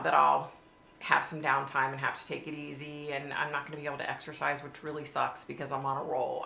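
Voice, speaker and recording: A woman with a low, gravelly, sharp-toned voice hosts a casual livestream, chatting and reading viewer comments aloud. The room is echoey, with a faint hiss.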